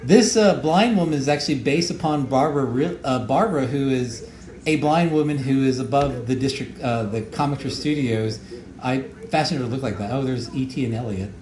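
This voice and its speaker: A man who made the show gives casual audio commentary, rambling and halting with many fillers and repeated words. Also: medium pitch, darkish tone. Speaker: show creator giving commentary. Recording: echoey room with faint noise.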